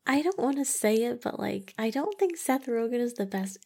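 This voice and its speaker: A woman's voice: fairly high pitch, expressive, moderate pace, gravelly, a little mellow. A young woman co-hosting a casual movie review podcast, chatty and full of "like". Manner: chatty, heavy use of "like". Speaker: podcast co-host.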